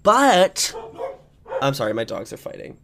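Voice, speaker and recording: A woman's voice: rumbling low, big pitch swings, a little slow, slight background noise. A woman co-hosting a casual chat, rambling with lots of fillers and joking around. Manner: rambling, many fillers, jokey.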